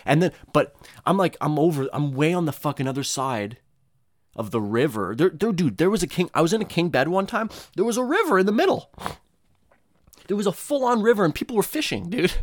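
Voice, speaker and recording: A young man doing a rambling, profane comedic monologue, often jumping into high-pitched voices for the people he quotes. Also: animated, moderate pace, long pauses, dry recording, studio quality.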